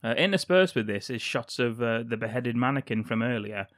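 A man's voice: medium pitch, brisk, dry recording. Dry-voiced man recapping a film wryly. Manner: wry, deadpan plot recap with casual swearing. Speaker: podcast co-host. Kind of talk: casual film review chat.

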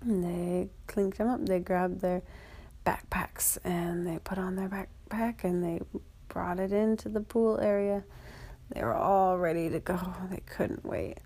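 A woman's voice: on the low side, unhurried, dark tone. A woman making up a children's story as she goes, rambling along with fillers and restarts. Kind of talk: improvised children's story narration.

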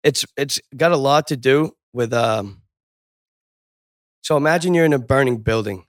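Podcast co-host, male, mid pitch, rambling and profane, dry sound. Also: moderate pace, no echo. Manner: loose, profane, wandering. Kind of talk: casual crude chat.

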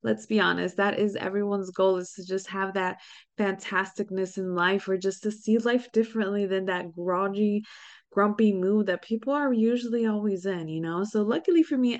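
A woman hosting an interview, chatty and upbeat, who opens the show and introduces her guest. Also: mid-range voice. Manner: upbeat, chatty, laughs easily. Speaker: host.

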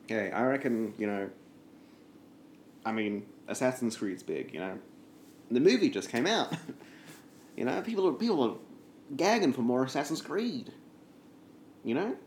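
A man co-hosting a comedy podcast, rambling with deadpan asides. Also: mid-range voice, moderate pace, pauses often, reverberant, slight background noise. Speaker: podcast co-host. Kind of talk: improvised comedy chat.

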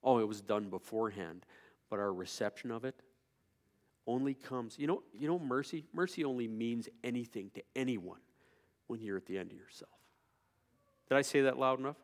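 A male pastor preaching a sermon, moving from quiet storytelling to loud, impassioned preaching. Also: medium pitch, brisk.

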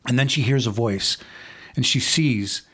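A male podcast host spinning a spooky campfire story. He lets the tension build slowly, dropping his voice for the eerie moments. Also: mid-range voice, a bit bright, breathy edge. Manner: dramatic, suspenseful.

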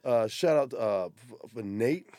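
A man's voice: mid-range voice, animated, moderate pace, dark tone, dry recording, studio quality. A man hosting a casual podcast, swearing freely and bluntly tearing apart skydiving videos. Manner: blunt, swears a lot, exasperated critique. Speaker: podcast host. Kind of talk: casual profane chat and video commentary.

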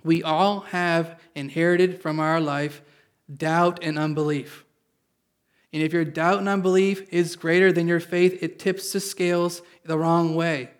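A preaching man with a slightly high voice delivers an earnest sermon to a church congregation. He reads scripture aloud, explains it in everyday words, and keeps asking his listeners for an amen. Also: level tone, a little slow, clear, resonant tone. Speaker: pastor.

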